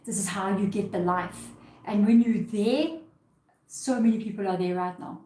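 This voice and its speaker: A woman's voice: mid-range voice, darkish tone, reverberant, low-quality recording. A woman giving a live tarot reading, talking earnestly and emotionally about spirit guides and cards. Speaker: tarot reader.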